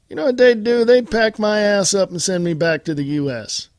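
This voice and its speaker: Male podcast host, American, high voice, combative monologue, dry close sound. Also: animated, moderate pace, few pauses, dry recording. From United States. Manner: blunt and combative, addressing listeners directly. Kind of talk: political talk monologue.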